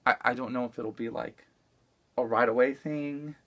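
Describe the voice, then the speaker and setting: A man's voice: medium pitch, steady tone, moderate pace, fairly bright tone, highs cut off. A man co-hosting a casual chat, easygoing and a little rambling, with frequent filler words. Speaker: co-host.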